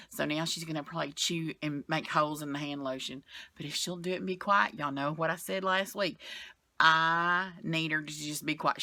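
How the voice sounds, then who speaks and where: A middle-aged woman talks casually to her camera from the bed, her voice bright and forceful, sitting a little low. She rambles frankly, loses her thread and picks it back up. The sound is close and dry. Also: creaky, dry recording. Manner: rambling, frank, sighs and trails off. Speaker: vlogger. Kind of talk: casual chatty vlog.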